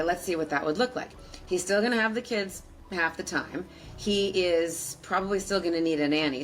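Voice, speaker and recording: A woman's voice: low-pitched, fairly bright tone, a little hiss or hum, low-quality recording. A woman speaking frankly and dryly about her divorce clients. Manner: dry, frank storytelling. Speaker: divorce professional describing clients.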